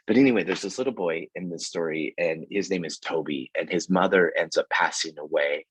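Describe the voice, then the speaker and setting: Deep husky guy giving a pumped up motivational story on a video call, rambles, dry sound. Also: no echo, rough recording. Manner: energetic, rambling, many fillers. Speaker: guest speaker, sales executive.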